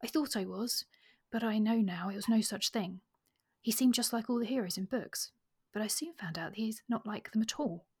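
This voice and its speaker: A remorseful young woman speaks tenderly, close to tears, as a woman reads her aloud. The voice is soft and breathy, kept low and hushed. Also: normal speed, hardly any pauses.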